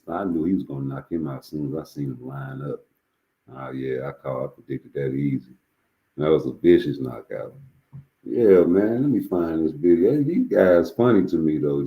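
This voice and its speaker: A man's voice: a bass voice, lo-fi sound. A man hosting a livestream, telling a story in loose, profane, rambling street talk. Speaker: livestream host.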